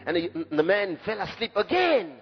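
A man preaching a sermon to brothers and sisters, emphatic, swinging from shouts to low, quiet drops. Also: sing-song, normal speed, slightly rough. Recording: muffled, long hall reverb, faint music.

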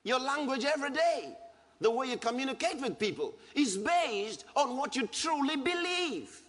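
Male preacher, lively husky voice, reverberant hall, soft music behind. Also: extremely high pitch, normal speed. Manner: emphatic, repeats his points. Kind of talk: sermon.

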